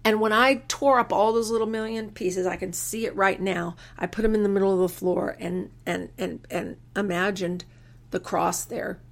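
A woman's voice: mid-range voice, fairly even intonation, gravelly. Female podcast host with an earnest, sermon-like delivery, mid-range voice, stops and restarts when moved. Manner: earnest, preacherly, quotes scripture with slow emphasis. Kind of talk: faith-based personal reflection.

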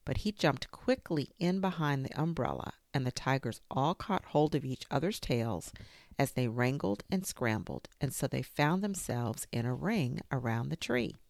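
A woman reads a children's story aloud in an expressive, lilting way. Her voice sits low with a gravelly edge and swings widely in pitch. It is slow and sounds close and dry. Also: dry recording.

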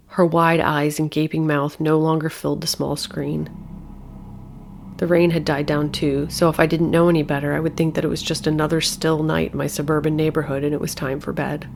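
A woman reading a scripted horror story aloud in a measured, quietly tense storytelling manner. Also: sits low, flat delivery, vocal fry, a little hiss or hum. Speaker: narrator.

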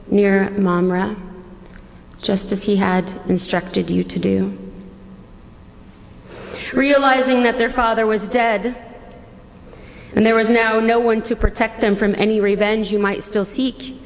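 A woman pastor preaching a sermon as a dramatic second-person retelling full of rhetorical questions. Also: a little high. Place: church. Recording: long church reverb.

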